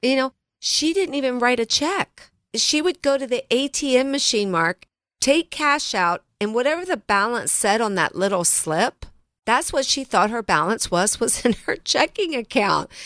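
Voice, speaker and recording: A woman financial advisor talking on a radio show, earnest and story-driven, at a middle pitch. Her voice is recorded close and dry, with no echo. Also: lively intonation, moderate pace, a bit bright. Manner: earnest storyteller, addresses co-host by name often.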